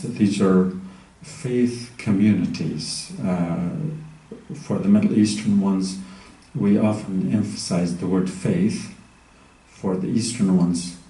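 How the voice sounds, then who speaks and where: A man giving a measured academic lecture, pausing often with ums and uhs. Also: low voice, warm tone. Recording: echoey room, mic far off.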